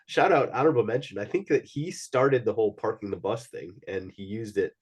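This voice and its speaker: A man's voice: fairly low pitch, fairly quick, breathy edge. A man hosting a casual soccer podcast, laughing often and passing the turn to his co-hosts. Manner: laughs often, hands off turns. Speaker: podcast host. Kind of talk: casual chat.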